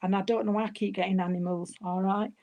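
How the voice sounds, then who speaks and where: A woman's voice: medium pitch, fairly even intonation, fast talker, lo-fi sound, noisy background. A woman giving a live mediumship reading, hesitant and affectionate, calling her listeners darling. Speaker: spiritual medium.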